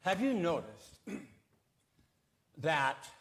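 A pastor preaching in a church, his voice rising and falling across a wide span. He talks in a folksy way, pausing for effect and leaning into his punchlines. His natural pitch sits a bit high for a man. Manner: folksy, lively storytelling with pauses. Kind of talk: sermon with jokes. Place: church sanctuary.

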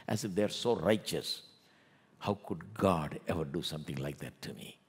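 A man with an Indian English accent preaching a sermon as pastor, animated, acting out the taunts of scoffers. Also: low-pitched, moderate pace, husky, in a large hall.

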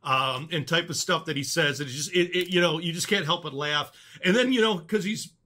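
A man's voice: on the high side, moderate pace, bright, forceful tone. A man hosting his own channel, chatting casually and rambling enthusiastically with many fillers. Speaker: channel host. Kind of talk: casual chat.

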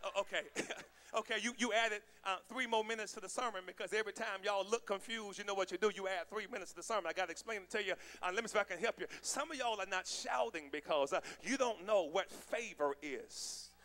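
High bright male voice, pastor's sermon, chatty and joking, rising to shouts. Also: quick pace. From United States. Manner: conversational, joking with the congregation, rising to shouting calls. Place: church sanctuary with congregation.

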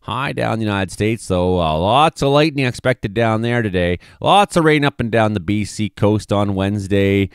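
Man, casual weather forecaster, rambling, sarcastic, swears a lot, smooth voice, dry close sound. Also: fairly low pitch, no room sound. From British Columbia, Canada. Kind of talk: casual forecast commentary over weather maps.

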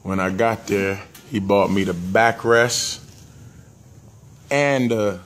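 A man with a Southern US accent chatting casually, telling an animated story among friends. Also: fairly low pitch, slow pace, a little hiss or hum. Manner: animated storyteller, acts out quotes. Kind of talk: casual chat. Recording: music playing in background.

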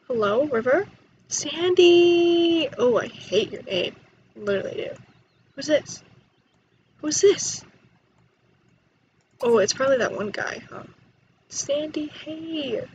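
A young woman chatting excitedly while playing a life-sim game, quick to gasp and exclaim. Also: sits high, muffled recording, slight background noise. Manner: excitable, chatty, gasps and laughs. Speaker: gaming YouTuber. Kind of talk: let's play commentary.

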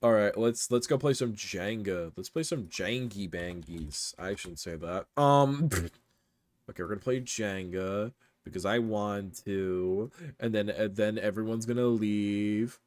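A man's voice: lowish voice, a little slow, darkish tone, slight background noise. A man streaming a game live with viewers, joking and bantering playfully. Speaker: streamer playing games with viewers.

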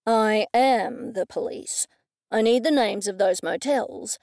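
A woman voicing a cool, curt male police detective who speaks in a dry, deadpan way. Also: mid-range voice, takes it slowly, no echo.

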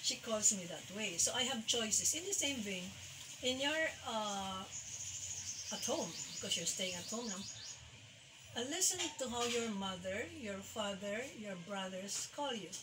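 A woman music teacher from the Philippines giving a recorded lesson, halting and full of fillers as she sounds out names by their syllables. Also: medium pitch. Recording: distant mic with faint background hiss.

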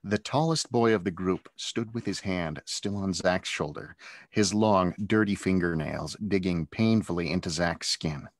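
A man with a deep, low voice reads his own adventure story aloud, steady and expressive. The sound is dry and close, with no room echo. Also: measured pace. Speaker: author reading his own book. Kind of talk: storybook read-aloud narration.

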